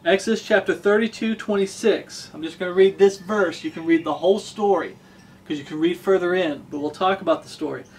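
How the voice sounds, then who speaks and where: Fervent male preacher, high voice, faint birds and ambience behind. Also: a little fast, a little hiss or hum. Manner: fervent, repeats questions for emphasis. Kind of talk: sermon.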